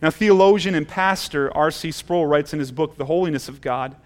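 A man's voice: fairly high pitch, a little fast. A middle-aged male pastor preaching a sermon in a church, earnest, often repeating words as he restarts his phrases. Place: church sanctuary.

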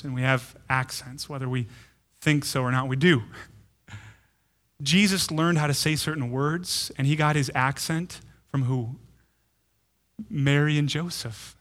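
Bright-voiced, animated male pastor preaching. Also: on the high side. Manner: emphatic, animated, with frequent repeated words. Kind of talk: sermon.

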